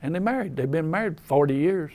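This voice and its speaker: A man's voice: on the high side, animated, fast talker, a little mellow. An older man with an Appalachian accent, telling rambling, folksy stories in casual talk. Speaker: storyteller. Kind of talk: casual storytelling.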